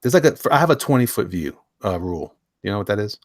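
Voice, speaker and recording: A man's voice: fairly low pitch, very animated, fast talker, dry recording, clean studio sound. A man hosting a casual chat show, flipping through comics, often laughing and repeating himself. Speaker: host.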